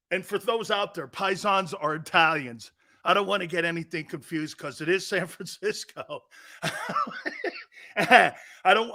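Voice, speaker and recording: A man's voice: high voice, pushed and bright. A man hosting a sports talk show, joking and rambling between laughs.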